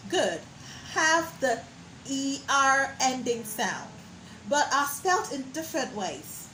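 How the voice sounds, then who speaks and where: A woman teaching a pronunciation lesson, modeling sounds slowly and praising the learner as she goes. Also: high-pitched, fairly bright tone, reverberant, a little hiss or hum, low-quality recording. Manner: slow, drawn-out modeling of sounds with encouraging praise.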